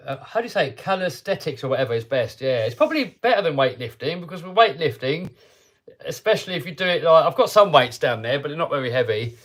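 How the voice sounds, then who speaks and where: A man's voice: fairly high pitch, expressive, quick pace. A man hosting a live stream, chatting casually and answering viewer comments in an upbeat, rambling way. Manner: chatty and upbeat, with frequent self-interruptions. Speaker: host of a hobby channel livestream.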